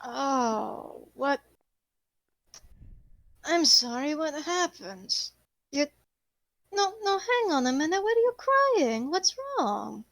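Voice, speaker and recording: Woman doing a proud male hunter with a light flavor, soft and slow, high-voiced. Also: very animated, heavily acted, poor audio. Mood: confused, concerned. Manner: slow, dazed, fussing over others. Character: wounded, proud male creature hunter with a voice changer.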